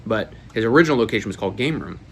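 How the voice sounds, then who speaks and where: A man's voice: lowish voice, lively intonation, racing, gravelly, a little hiss or hum. A man in his twenties from Florida, telling rambling, profane stories in a casual chat. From Florida, USA. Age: 20s. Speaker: YouTuber. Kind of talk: casual storytelling to camera.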